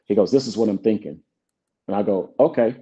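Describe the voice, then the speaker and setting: A man's voice: lowish voice, fairly quick, mellow. A middle-aged man, a songwriter guest, telling stories in an interview and acting out old conversations. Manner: acts out both sides of past conversations. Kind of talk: relaxed interview storytelling. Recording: dull lo-fi sound.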